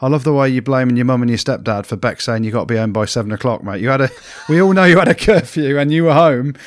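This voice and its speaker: A man's voice: medium pitch, quick pace. Teasing man in podcast banter. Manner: teasing, laughing often. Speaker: podcast co-host. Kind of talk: casual banter.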